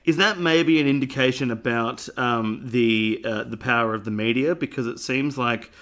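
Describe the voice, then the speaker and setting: A man's voice: medium pitch, moderate pace, a bit bright. A man co-hosting a podcast in casual chat, rambling and hesitant with many fillers. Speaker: podcast co-host.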